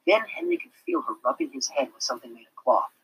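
Animated storybook narrator. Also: medium pitch, quick pace, gravelly, a little hiss or hum, low-quality recording. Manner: animated, dropping to whispers for narration. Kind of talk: expressive read-aloud narration.

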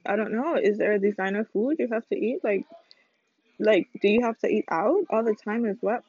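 A woman's voice: mid-range voice, a little fast, darkish tone, slightly rough, dry recording, highs cut off. A young woman chatting casually to her viewers while eating, speaking straight to them on her phone. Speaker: vlogger. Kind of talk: casual chat to camera.

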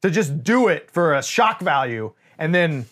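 A man's voice: fairly high pitch, very animated, measured pace, fairly bright tone. A man co-hosting a podcast, reviewing a film in casual, emphatic chat and swearing freely. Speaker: podcast co-host.

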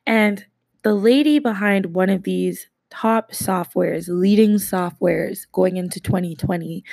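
A woman hosts her podcast alone, rambling warmly through shout-outs with a slight lisp. Her voice carries a bit of vocal fry. The sound is dry and close, with no room around it. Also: medium pitch, no echo. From Canada. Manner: enthusiastic, rambling, many fillers and shout-outs. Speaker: podcast host. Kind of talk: casual solo podcast segment.

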